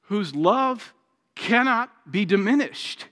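A man preaching a sermon, moving between raised, emphatic passages and quiet, confiding stretches. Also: expressive, slow pace. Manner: preaching with swings from raised intensity to quiet, low confiding tones. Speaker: pastor. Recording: long hall reverb.

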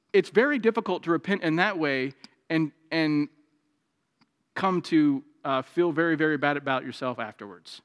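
Guy preaching, kinda high voice, big echoey hall sound, goes loud and intense then soft and quiet. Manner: preaching with swings from raised intensity to quiet, low confiding tones. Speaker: pastor. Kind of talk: sermon. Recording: long hall reverb.

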